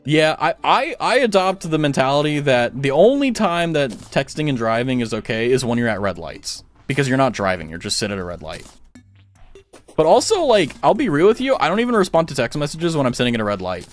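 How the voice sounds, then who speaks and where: Animated, chatty young male streamer. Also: mid-range voice, brisk, faint music behind. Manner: rambling, self-mocking jokes, chatty with viewers. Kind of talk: casual chat while gaming.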